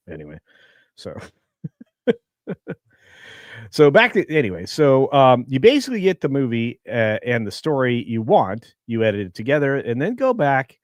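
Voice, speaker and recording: A man's voice: medium pitch, no room sound, clean studio sound. A man co-hosting a casual online pop culture show, rambling and hesitating with many fillers. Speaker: podcast co-host. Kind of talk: casual panel chat.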